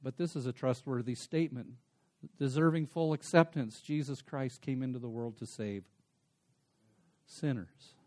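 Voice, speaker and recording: A man preaching a sermon, dropping to soft asides and then rising to emphatic, stretched-out words. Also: mid-range voice. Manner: swings between soft asides and emphatic raised passages; slows down to stress single words. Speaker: pastor.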